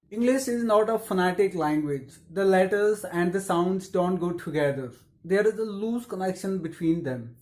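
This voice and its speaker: An English pronunciation teacher in scripted instructional narration, explaining tips in a measured and encouraging way. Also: mid-range voice, darkish tone.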